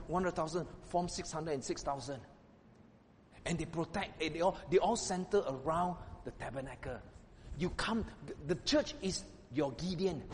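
Preaching pastor in a reverberant hall. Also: male voice. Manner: impassioned preaching, swinging from loud exclamations to hushed asides. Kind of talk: sermon. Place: church hall. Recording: reverberant hall with faint rumble.

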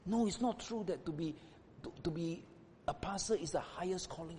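A man preaching a sermon as a pastor, swinging between loud exclamations and hushed asides. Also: moderate pace. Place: church hall. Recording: reverberant hall with faint rumble.

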